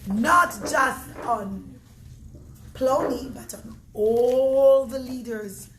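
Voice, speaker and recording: A woman's voice: high voice, very slow, full character voice. A woman voicing a rich man who pleads to stay, then plots revenge. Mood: scheming. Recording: echoey room with steady noise.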